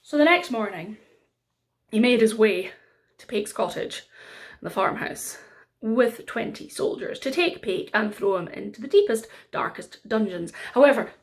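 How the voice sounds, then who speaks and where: A woman telling a folk tale to children, animated and dramatic, slowing for emphasis. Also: fairly high pitch. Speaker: storyteller.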